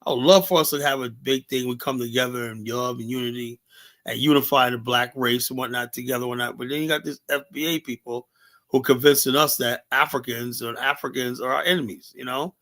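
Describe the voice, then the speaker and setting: A man's voice: medium pitch, fairly even intonation, brisk, fairly bright tone. American guy doing a casual livestream rant, rambly, swears a lot, lots of "you know", medium voice. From United States. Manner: loose, rambling, heavy filler words and profanity. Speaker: livestream host.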